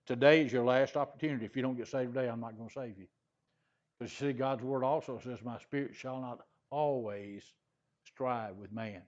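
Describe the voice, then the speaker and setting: A man's voice: mid-range voice, dull audio. An older man from Louisiana preaching a sermon, telling a personal story in a folksy, rambling way full of "he said" and "uh". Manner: folksy, repetitive "he said" storytelling with frequent "uh" fillers. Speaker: pastor.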